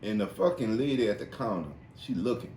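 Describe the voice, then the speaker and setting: Guy on a podcast ranting and telling stories, lively voice jumping all over, cursing a lot, echoey room w/ faint hiss. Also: fairly quick. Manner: animated, profane storytelling with high-pitched impressions. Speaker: podcast host. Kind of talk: casual storytelling chat. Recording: roomy echo, faint noise.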